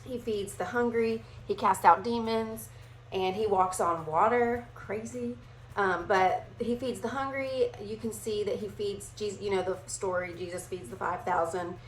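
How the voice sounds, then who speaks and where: A woman leading a casual Bible study, talking in a chatty, animated way and briefly acting out playful voices. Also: mid-range voice, a little slow, reverberant, slight background noise, low-quality recording.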